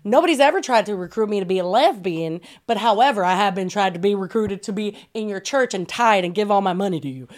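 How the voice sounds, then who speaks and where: A woman's voice: medium pitch, fast, hardly any pauses. A young woman co-hosting a podcast in casual chat, outspoken and profane, often breaking into laughter. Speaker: podcast co-host.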